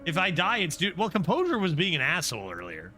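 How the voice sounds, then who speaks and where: Streamer guy reacting to a game, bright and jumpy voice, laughs at himself. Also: fairly high pitch, quick pace. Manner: excitable, laughing, self-mocking. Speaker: gaming streamer. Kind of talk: casual gameplay commentary. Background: game music.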